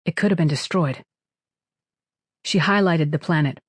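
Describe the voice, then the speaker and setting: A narrator reading a science fiction novel in steady, even scripted narration. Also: medium pitch, moderate pace, long pauses, slightly rough, no echo, studio quality. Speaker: audiobook narrator.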